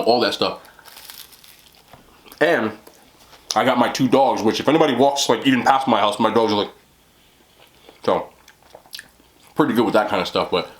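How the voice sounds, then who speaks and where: Eating-show host, a man chatting loosely between bites, lively up-and-down voice. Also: medium pitch. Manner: rambling, full of "like" and "you know". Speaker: mukbang host. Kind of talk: casual chat while eating.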